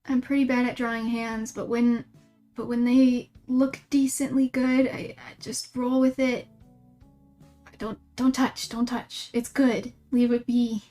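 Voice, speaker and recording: A young woman chats on a live stream while she draws, rambling and giggling at her own jokes. Her voice sits a little high and she talks at a slow, unhurried pace. Soft music plays behind her. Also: little pitch movement. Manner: rambling, giggly, self-mocking. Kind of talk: casual livestream chat while drawing.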